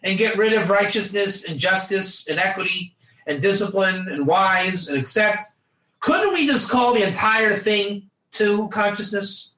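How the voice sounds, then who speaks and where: Male teacher, bright and tense, drilling points home in a roomy space. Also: sits high, a little slow. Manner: emphatic, repetitive, quizzes students by name. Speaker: Torah teacher. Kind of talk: energetic classroom lecture.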